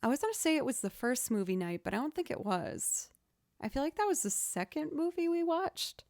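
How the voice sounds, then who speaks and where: A woman hosting a casual livestream chat, answering viewer questions as a chatty, expressive storyteller. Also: high-pitched, a little fast, no echo, clean studio sound. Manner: chatty, expressive storyteller who acts out quoted reactions.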